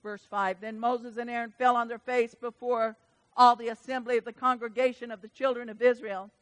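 A woman preaching a sermon to her church, reading scripture and surging from soft asides to loud, fervent exclamations. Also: on the high side, little pitch movement, fairly quick. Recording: long hall reverb.

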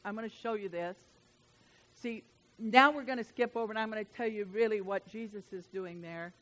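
A woman's voice: medium pitch, fairly quick, fairly bright tone. A woman preacher delivering a sermon in an emphatic, conversational way, repeating her points.

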